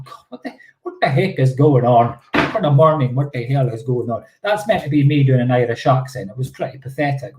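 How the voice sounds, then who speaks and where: A man's voice: a little high, a little mellow, roomy sound. A man working as a psychic medium, giving chatty, playful live-stream readings and often checking in with "okay?".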